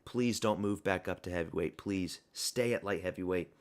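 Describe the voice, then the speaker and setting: A man's voice: low-pitched, normal speed. A young man giving a casual, blunt and rambling fight review monologue, full of opinions and fillers. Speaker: MMA commentary YouTuber.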